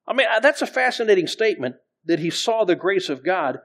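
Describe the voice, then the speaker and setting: A man's voice: high-pitched, sing-song, a little fast, a bit bright. A middle-aged man preaching as pastor, conversational, with frequent restarts and scripture readings. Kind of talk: sermon.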